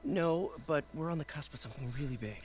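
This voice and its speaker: A man's voice: on the high side, quick pace, a little mellow, close to an everyday voice. An actor voicing a fumbling, earnest young man who works as a scientist in a game. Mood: awkward. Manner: fumbling, hesitant.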